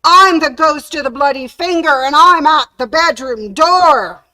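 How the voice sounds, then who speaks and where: A woman voicing a moaning male ghost in a told ghost story, pitched high and loud. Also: a little slow, no room sound. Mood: wailing. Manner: moaning, growing louder with each repeat. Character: moaning male ghost drawing ever closer.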